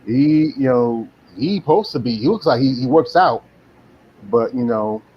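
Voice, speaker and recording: A man's voice: medium pitch, expressive, moderate pace, dull audio, a little hiss or hum. Rambling, profane podcast host man. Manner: rambling, full of "you know", blunt and profane. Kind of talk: casual chat.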